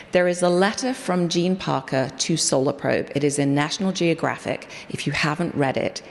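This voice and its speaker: A woman scientist giving a memorial tribute, telling stories animatedly with quoted dialogue. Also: fairly low pitch. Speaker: project scientist sharing memories. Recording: long hall reverb.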